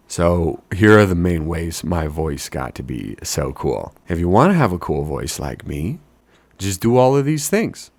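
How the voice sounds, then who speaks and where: A young man, a wedding DJ, talking in a casual, jokey, mock-boastful way about his deep announcer voice. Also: very animated, unhurried, no echo. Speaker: wedding DJ and hobby voice actor. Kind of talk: casual self-mocking vlog talk.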